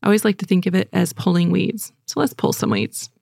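A woman giving earnest, gentle devotional teaching and leading listeners in prayer, speaking casually with fillers. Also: on the low side, sing-song, brisk, creaky, no echo.

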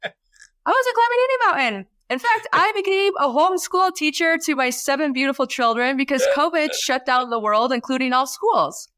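A woman in her forties, a podcast guest telling her story in a lively way and acting out the voices she quotes. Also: moderate pace, dry recording, studio quality. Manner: animated, acts out quoted voices with big pitch jumps. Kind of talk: storytelling in a casual interview.

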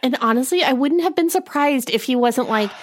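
A woman's voice: high voice, animated, fairly quick. A young woman co-hosting a casual chat, telling a story and quoting the characters. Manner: chatty, quotes characters with voices. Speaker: podcast co-host.

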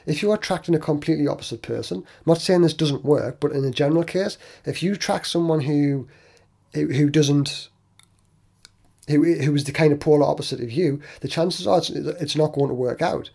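A man with a slightly high, husky voice hosts a solo motivational podcast, sounding warm and mellow. He speaks briskly and earnestly into the mic, often repeating himself or restarting a sentence before pushing on.

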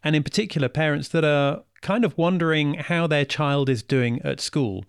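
A man's voice: fairly high pitch, moderate pace, clear, resonant tone, no echo. Chatty podcast host man, dry sound. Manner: chatty, friendly, self-aware asides. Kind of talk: casual podcast interviewing.

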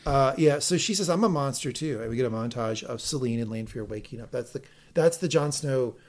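A man co-hosting a podcast, recapping an episode in an animated, profane way and quoting lines of dialogue. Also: mid-range voice, a little fast. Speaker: podcast co-host.

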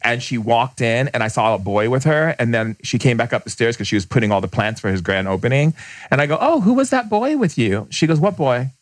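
Blunt man telling stories, dry close sound. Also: no room sound. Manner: acts out quoted people with big pitch jumps; emphatic, blunt, fast bursts. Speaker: podcast guest, shaman. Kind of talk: animated storytelling in conversation.

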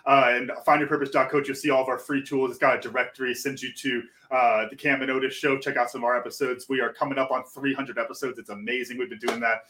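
Bright, quick-talking male podcast guest. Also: medium pitch, level tone. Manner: earnest, encouraging, many fillers. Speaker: podcast guest and purpose coach. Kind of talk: casual interview chat.

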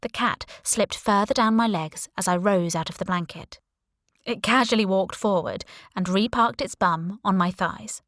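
A woman narrating a first-person audiobook in a wry, sardonic, lively way. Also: medium pitch, no echo, clean studio sound.

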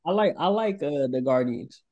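Joking male co-host for a casual movie podcast, voice sits a bit high. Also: normal speed, lo-fi sound. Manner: joking, animated, laughs often. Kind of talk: casual chat.

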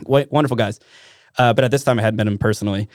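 Brief: a quick, rambling male podcast guest from Alaska, dry mic. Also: on the low side, no room sound. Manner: animated, rambling, self-interrupting. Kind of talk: casual storytelling.

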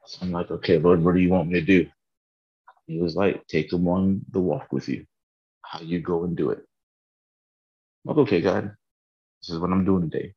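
A man's voice: deep voice, steady tone, normal speed, pauses often, slightly rough, dull audio. A tired man in a casual faith vlog, earnestly rambling about his morning prayer from his bedroom. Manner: earnest, rambling, laughs at himself.

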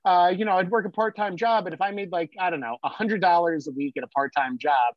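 A man's voice: high voice, fast, no room sound, dull audio. A man from South Jersey, a podcast guest, telling stories in a rambling way full of fillers. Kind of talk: casual storytelling.

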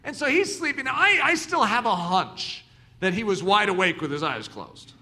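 At a moderate pace and fairly high pitch, a preacher shares stories in his sermon. He tells them with animation, performing the dialogue of each character.

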